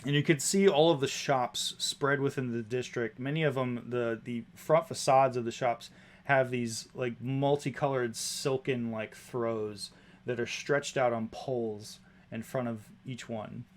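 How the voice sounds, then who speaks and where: A man's voice: medium pitch, fairly even intonation, measured pace. A man narrating a tabletop game as game master, describing scenes with casual fillers.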